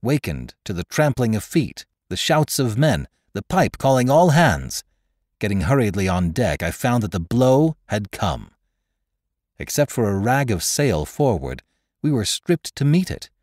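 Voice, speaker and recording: Deep-voiced, lively male storyteller. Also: a little slow, dry recording, studio quality. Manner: dramatic, expressive first-person storytelling. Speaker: narrator. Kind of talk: scripted audiobook narration.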